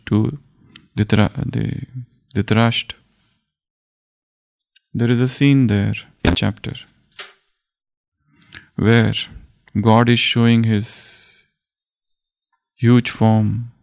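Gravelly man giving a slow sermon. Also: on the low side, a little mellow. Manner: slow, deliberate, repeating phrases. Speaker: spiritual teacher. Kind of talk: spiritual discourse.

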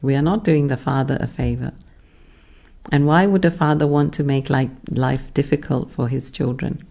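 A spiritual teacher giving a measured class talk, explaining ideas and asking the listeners rhetorical questions. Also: medium pitch, gravelly, darkish tone.

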